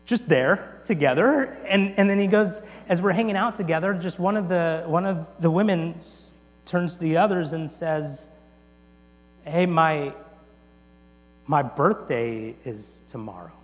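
A man preaching a sermon, retelling a story in an animated way, swinging between loud and quiet with quick restarts. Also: high-pitched, soft background music. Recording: long reverb in a large hall, faint mains hum.

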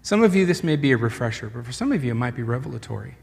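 A man preaching a sermon as a pastor, conversational and animated, with playful asides. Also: medium pitch, racing, creaky, big-room sound.

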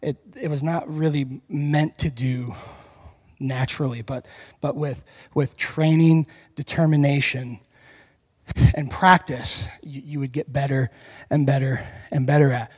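A male pastor preaching a sermon, telling lively stories and speaking straight to his congregation in a church. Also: medium pitch, measured pace, breathy edge. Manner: lively storytelling, addressing the congregation directly. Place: church hall. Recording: long hall reverb.

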